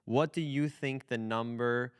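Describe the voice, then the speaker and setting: A man's voice: medium pitch, fairly even intonation, a little slow, smooth, dry recording, studio quality. A man hosting a casual podcast, blunt and quizzing his guest. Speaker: podcast host.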